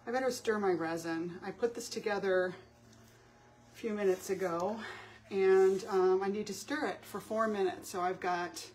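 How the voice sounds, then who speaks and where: A woman's voice: mid-range voice, steady tone, normal speed, darkish tone, slight background noise. A middle-aged woman hosting a live art demo from her home studio, chatting casually, greeting viewers by name and laughing often.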